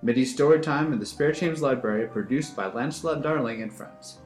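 A man reading a podcast outro and credits in a plain, steady way. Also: mid-range voice, brisk. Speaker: podcast announcer. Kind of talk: scripted outro. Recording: roomy with faint music.

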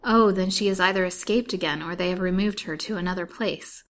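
A woman's voice: fairly low pitch, steady tone, moderate pace, fairly bright tone. A woman reading aloud in the voice of a weak, bitterly wronged young wife, earnest and pleading.

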